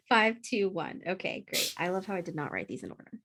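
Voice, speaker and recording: A woman's voice: mid-range voice, very animated, moderate pace. A woman acting as game master, casually explaining rules and narrating scenes with frequent fillers and restarts.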